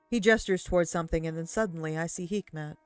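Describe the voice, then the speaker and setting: A woman's voice: lowish voice, clean tone. A young woman streamer reading a visual-novel game aloud with giggly, swearing commentary.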